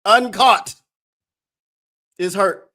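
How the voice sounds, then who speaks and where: High, bright-voiced excited man. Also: drawn-out words. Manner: shouting and whooping with excitement, laughing often. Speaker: fan streamer hosting a watch party. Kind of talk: excited live sports watch-party chat.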